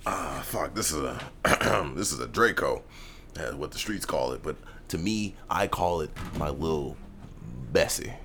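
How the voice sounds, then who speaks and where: Give me a stumbling, hesitant gun seller, played by a man in a deep, low voice that rises and falls a lot. He fumbles for words as he bluffs. There is faint noise behind him. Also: animated, a little slow, fairly bright tone, exaggerated voice. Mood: bluffing.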